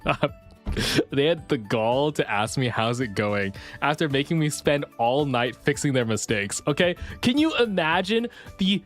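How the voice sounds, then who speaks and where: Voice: mid-range voice, measured pace. Streamer ranting about work on a chill chat stream, voice all over the place, music faint behind. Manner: animated ranting storyteller.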